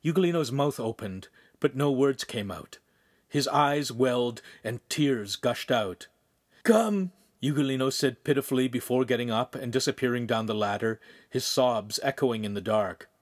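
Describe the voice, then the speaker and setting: A man reading a young adult novel aloud as narrator, steady and measured. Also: mid-range voice. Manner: steady storytelling, voices characters. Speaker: audiobook narrator. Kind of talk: scripted narration.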